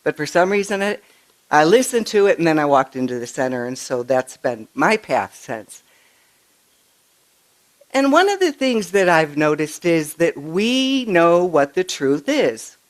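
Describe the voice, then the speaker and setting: An older woman minister giving a conversational sermon, telling stories in an animated way and often stumbling over and restarting her words. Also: low-pitched, unhurried. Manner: chatty, animated storytelling with frequent restarts. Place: church sanctuary.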